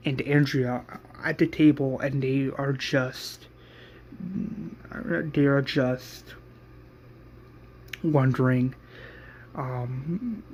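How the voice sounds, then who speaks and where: Brief: laid-back recap narrator, filler-heavy, lots of restarts, faint noise behind. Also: mid-range voice. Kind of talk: casual plot retelling.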